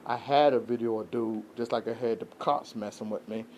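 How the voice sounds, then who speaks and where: A man vlogs straight to his camera, unscripted, venting in a rambling, aggrieved way and repeatedly asking "you know what I'm saying" to check in with viewers. His voice is medium-pitched, fairly even, a little fast and slightly mellow, with a little hiss or hum.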